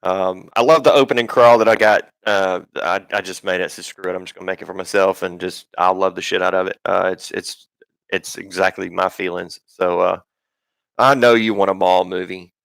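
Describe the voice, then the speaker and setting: A man's voice: deep voice, steady tone, normal speed, gravelly, fairly bright tone, no echo, rough recording. A man hosting a live stream, rambling and swearing in casual talk, full of ums and restarts.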